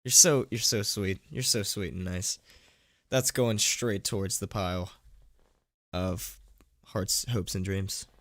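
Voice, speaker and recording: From his home, a man reads a horror story on a live stream in a low, slightly bright voice with a steady tone and slow pace, recorded studio-clean without echo. He stumbles and pokes fun at his own slips, chatting with donors and thanking them as he goes.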